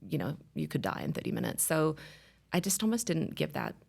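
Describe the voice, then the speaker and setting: Sharing her personal testimony as a guest, a woman in her thirties speaks low with a gravelly edge and a darkish tone. She moves briskly, with big pitch swings, telling her story with animation and slipping into other people's voices. It comes across as emotional and heartfelt.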